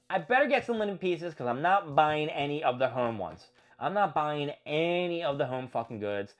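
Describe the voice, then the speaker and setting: A man's voice: a little high, animated, normal speed, hardly any pauses. A man hosting a solo show, venting in a profane, exasperated rant. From Philadelphia area. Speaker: podcast host. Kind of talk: ranting solo monologue.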